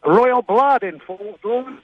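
A man's voice: extremely high pitch, animated, moderate pace, husky, dry recording. A man calling in to a radio show, speaking hesitantly with many fillers over a phone line. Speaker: caller. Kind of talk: call-in radio chat.

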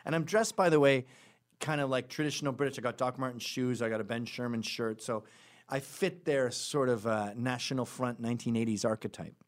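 A man's voice: medium pitch, steady tone, a little fast. A man hosting a podcast, telling a long casual story with many asides and self-corrections, and acting out the other people in it. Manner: acts out quoted voices in the stories. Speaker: podcast host.

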